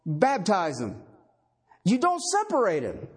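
A man's voice: high voice, huge pitch swings, unhurried, slightly rough. A man preaching a sermon, emphatic, quizzing his listeners with rhetorical questions and tagging points with "okay" and "all right.". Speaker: pastor.

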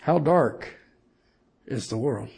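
A middle-aged man preaching a sermon in a folksy, emphatic way, swinging from loud points to hushed lines. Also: mid-range voice, lively intonation, slow, gravelly, husky. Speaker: pastor.

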